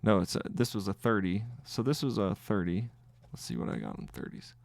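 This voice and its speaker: This podcast host narrates his trading in real time, stumbling and restarting while he reckons his gains and losses aloud. He speaks low with a creaky, sing-song quality, recorded without echo.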